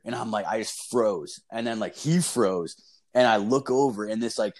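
Profane young man telling a story. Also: on the low side. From Canada. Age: 20s. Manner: profane, animated storyteller, lots of filler "like". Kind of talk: casual storytelling chat.

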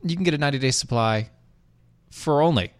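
A man's voice: fairly high pitch, fairly quick, clean tone, no echo. A man co-hosting a casual podcast, rambling with restarts and sarcastic asides, reading an ad in between. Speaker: podcast co-host. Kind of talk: casual chat with ad read.

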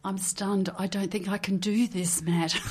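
A woman's voice: mid-range voice, fairly even intonation, measured pace, a little mellow, a little hiss or hum. A woman guest, an executive coach, chatting playfully on a radio show in the studio. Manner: playful, laughing easily. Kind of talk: casual radio interview. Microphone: studio microphone.

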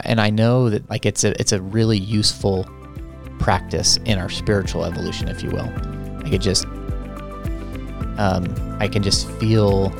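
A man hosting a spiritual podcast, talking in a soft, reflective way with many restarts. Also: fairly low pitch, creaky, no room sound, studio quality. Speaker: podcast host. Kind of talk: spiritual teaching talk.

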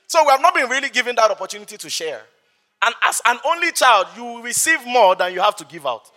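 Man, Nigerian accent, pastor, lively sermon storytelling, high voice. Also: fast talker. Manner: animated storytelling, acts out voices. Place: church service.

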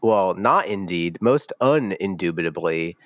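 A man's voice: low-pitched, lively intonation, measured pace, dry recording. A man in his thirties co-hosting a podcast, recapping an episode in a wry, playful casual chat. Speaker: podcast co-host.

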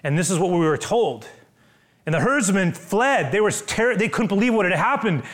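A man delivers a sermon in a fairly high, animated voice, rising to loud exclamations and then dropping to hushed, near-whispered lines. He stumbles and repeats words as he acts out the people in the story. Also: normal speed. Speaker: pastor.

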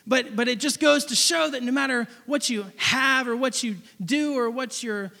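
A young man preaching a sermon, telling a personal story in an animated, rambling way with many restarts. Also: very high voice, normal speed, creaky, in a large hall.

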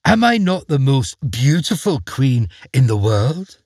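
A vain, scheming queen who sneers and purrs with mock sweetness, voiced by a man in a storybook reading. The voice swoops widely and carries a husky edge. The sound is close and dry. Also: medium pitch, very animated, measured pace, a little mellow, dry recording. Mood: haughty, scornful.

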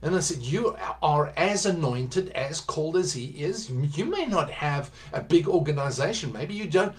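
A man's voice: on the high side, expressive, normal speed. A man preaching, telling a personal story in a conversational way that builds to emphatic exhortation. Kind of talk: sermon storytelling.

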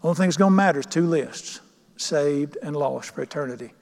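A man's voice: a little high, a little fast, vocal fry. A pastor preaching a sermon, emphatic and questioning his congregation. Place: church sanctuary. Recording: long church reverb.

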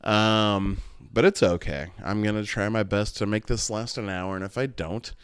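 A man in his thirties hosts a casual solo podcast, rambling candidly and swearing a lot, with many restarts and laughs. His voice is fairly low and clear with a resonant tone, at a moderate pace. The recording is dry, with a clean studio sound.

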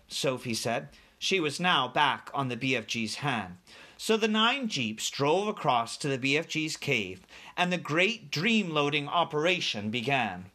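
A man reads a children's book aloud as a teacher, speaking straight to young listeners. His voice sits a little high and bright and moves lively up and down as he tells the story. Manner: animated, addresses young listeners directly.

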